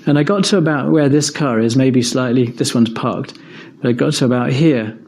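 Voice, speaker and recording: A man's voice: mid-range voice, moderate pace, a little mellow. A man from England giving an informal talk, telling personal stories in a thoughtful conversational way with frequent fillers. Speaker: speaker giving a talk on evidence for God.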